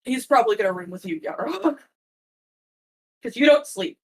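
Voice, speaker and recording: A woman's voice: fairly high pitch, lively intonation, moderate pace, a little mellow, slightly rough. A woman playing in a casual tabletop game, playful and laughing often. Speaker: player. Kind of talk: casual tabletop role-play.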